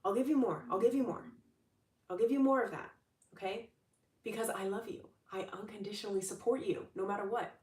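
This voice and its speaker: A woman's voice: mid-range voice, darkish tone, voice pushed up, natural voice. A woman voicing a doting male God who eagerly promises to give more, in a reassuring way. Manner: reassuring, quick to say yes. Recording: roomy echo, distant from the mic.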